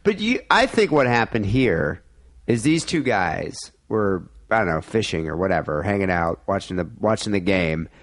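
A man co-hosting a podcast, telling stories in loose, rambling casual banter. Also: normal speed. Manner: rambling, animated storytelling with sudden jumps in pitch. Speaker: podcast co-host.

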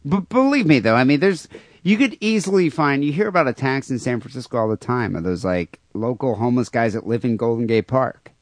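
A man's voice: mid-range voice, expressive, brisk, dry recording. Guy hosting a podcast, rambly, lots of uhs, crude jokes, dry close sound. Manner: rambling, many fillers, crude humor. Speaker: podcast host. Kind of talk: casual podcast chat, reading listener mail.

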